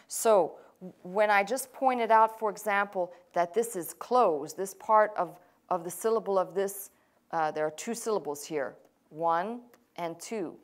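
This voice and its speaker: A woman pastor teaching a language class, explaining patiently step by step with casual asides. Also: mid-range voice.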